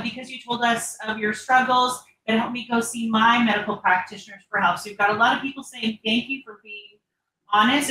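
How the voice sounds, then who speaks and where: A woman co-hosting a stream, reading viewer comments aloud in a brisk, matter-of-fact way. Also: fairly high pitch, pushed and bright. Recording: echoey room.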